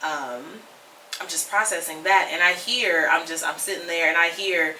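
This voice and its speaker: Young woman guest, lively dramatic storyteller, sharp bright tone, roomy distant mic. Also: on the low side, moderate pace. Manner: animated, laughs often, dramatic retelling. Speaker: podcast guest, first-time filmmaker. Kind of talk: casual storytelling chat. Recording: roomy sound from a distant mic, faint noise.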